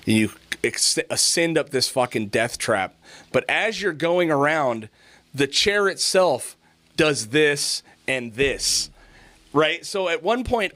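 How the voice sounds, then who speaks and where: A middle-aged man hosting a podcast, telling a story in casual chat with animated delivery, lots of swearing and laughter. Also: mid-range voice. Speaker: podcast host.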